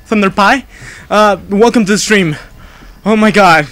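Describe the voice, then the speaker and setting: High-pitched guy freaking out on a game stream, begging and swearing, english his second language. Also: a little slow, a bit bright, no room sound. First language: not English. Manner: panicky, pleading and repetitive; swears when startled. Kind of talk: live gameplay commentary.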